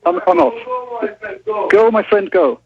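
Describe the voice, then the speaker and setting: A man's voice: high-pitched, sing-song, slow, vocal fry, a crowd in the background. Hesitant man on a muffled phone. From Britain. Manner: hesitant, apologetic, polite. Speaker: newspaper reporter calling in. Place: police station.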